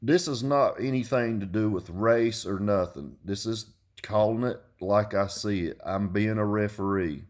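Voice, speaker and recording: A man's voice: fairly low pitch, a little slow. A man in his fifties ranting bluntly to his viewers, cursing freely and repeating himself when he gets heated. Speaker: car audio vlogger. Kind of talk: casual rant to camera.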